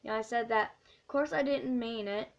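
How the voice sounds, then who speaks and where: A woman's voice: on the high side, moderate pace, creaky. A teenage woman telling an earnest, rambling story in a casual vlog, with many fillers. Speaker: vlogger. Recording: dull lo-fi recording.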